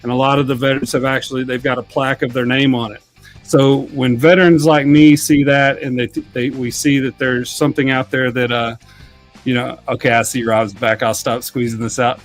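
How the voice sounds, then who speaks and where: A man's voice: medium pitch, flat delivery, a little fast, soft background music. A veteran man on a live show, talking in an earnest, heartfelt way while stretching to fill time. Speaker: veteran guest and regular of the show. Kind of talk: casual live-show chat.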